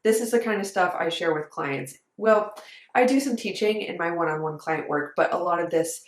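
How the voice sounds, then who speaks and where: A woman who coaches dancers speaks directly to the camera in an echoey room, earnest, emphatic, and conversational, with a lowish voice at a moderate pace.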